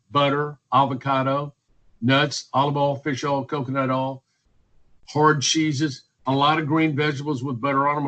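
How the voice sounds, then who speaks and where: A man's voice: mid-range voice, fairly bright tone, dull audio. A man, speaking as a physician guest in a radio interview, emphatic and repetitive, listing points one by one. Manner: emphatic, repetitive, list-making.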